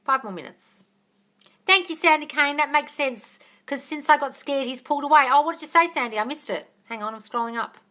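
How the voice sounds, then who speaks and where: A high-pitched woman talks fairly quickly in a sharp tone, captured on a phone mic. As a manifesting coach taking questions in a casual live session, she's profane and direct, calling everyone darling.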